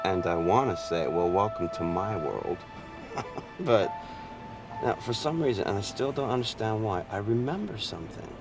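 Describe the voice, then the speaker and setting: A man performing a dramatic film monologue as a weary, wistful gay storyteller, swinging from fervent outbursts to hushed confessions. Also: fairly low pitch, expressive, normal speed, over music.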